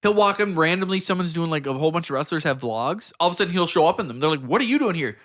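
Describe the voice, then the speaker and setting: A man with a bright, forceful voice that sits a little high, chatting casually on a comedy podcast. He tells stories with animated energy and slips into quoted voices as he goes. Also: very fast. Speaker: podcast co-host.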